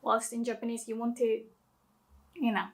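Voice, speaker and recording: A woman teaching pronunciation, speaking slowly and carefully and demonstrating sounds for the listener to repeat. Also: fairly high pitch, monotone. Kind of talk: pronunciation lesson.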